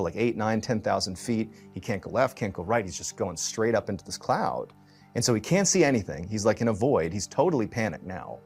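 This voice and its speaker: A man telling a true mystery story in a loose, conversational way, full of fillers and restarts. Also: on the low side. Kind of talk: casual spoken storytelling.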